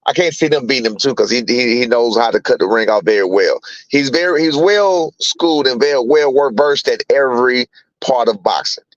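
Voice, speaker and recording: A man's voice: medium pitch, lively intonation, fairly quick, no room sound, muffled recording. A middle-aged man, a boxing trainer, talking bluntly in a casual interview, repeating himself and swearing freely.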